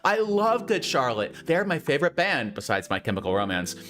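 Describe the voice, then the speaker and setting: A man doing a shrill, dramatic goth teen girl. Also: animated, normal speed, a bit bright, soft background music, natural voice. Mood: gushing. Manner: breathless, gushing and dramatic.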